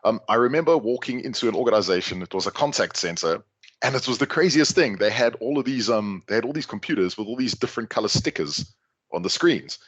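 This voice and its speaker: A middle-aged South African man giving a lively, joking talk to an online audience. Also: mid-range voice, fast talker, husky. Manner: lively, jokey, chatty asides. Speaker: guest speaker. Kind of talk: conference talk on a video call.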